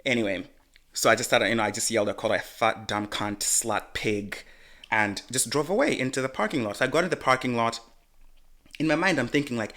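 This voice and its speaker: A man's voice: medium pitch, a little fast, bright, forceful tone. Man telling a heated, profane story. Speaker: podcast co-host. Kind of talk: casual podcast chat.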